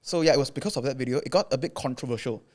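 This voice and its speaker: Fast-talking young man telling a story. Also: medium pitch. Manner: animated, filler-heavy retelling with acted quotes. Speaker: podcast guest, content creator. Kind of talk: casual storytelling chat.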